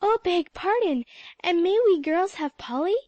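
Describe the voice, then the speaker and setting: A woman voicing an impulsive, eager schoolgirl who talks in an excited, breathless rush. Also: extremely high pitch, unhurried, no echo, lo-fi sound, pitched above the performer's own voice.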